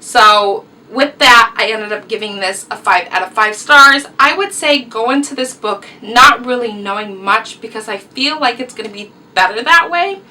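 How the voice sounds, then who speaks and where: A woman's voice: fairly high pitch, moderate pace, few pauses, sharp tone, distant mic, low-quality recording. A young woman, chatting through a casual book review vlog, rambling and enthusiastic. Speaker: book vlogger.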